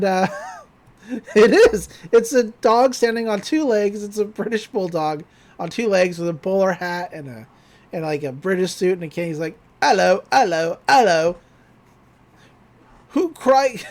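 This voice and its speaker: A woman co-hosting a podcast, animatedly recapping a cartoon episode and acting out the characters' lines. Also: medium pitch. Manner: animated retelling, acting out lines, laughing often. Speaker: podcast co-host. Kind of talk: casual recap chat.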